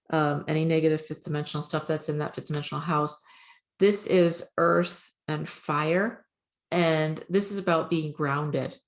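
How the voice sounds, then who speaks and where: Low, gravelly woman giving spiritual encouragement. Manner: chatty, encouraging, many fillers. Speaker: spiritual podcast host. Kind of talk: casual spiritual talk with oracle cards.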